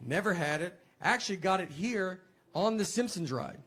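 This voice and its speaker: A middle-aged comedian, telling stories in a deadpan, self-deprecating way and laughing through them. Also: male voice, high voice, moderate pace, breathy edge. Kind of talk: casual comic storytelling. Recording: noisy background hiss.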